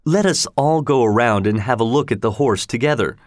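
A man reading as a calm, cryptic detective. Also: medium pitch, no room sound, studio quality, natural voice. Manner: calm, quiet, measured.

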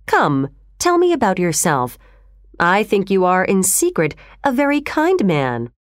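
A woman's voice: mid-range voice, wildly swooping pitch, unhurried, no room sound, studio quality. A woman reading the part of a brooding, unsettling male customer who talks in a probing, intense way. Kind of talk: storybook reading.

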